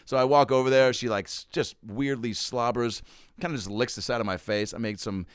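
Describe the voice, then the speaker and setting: Animated man telling a stand-up story. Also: fairly quick, smooth, no echo. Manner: animated storyteller, acts out quotes with big pitch jumps. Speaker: comedian guest. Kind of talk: casual storytelling chat.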